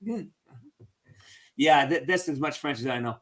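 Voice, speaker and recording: A man's voice: on the high side, a little slow. A man hosting a casual live-stream Q&A with fans over a video call, upbeat, encouraging and a bit rambling. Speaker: actor hosting a fan Q&A.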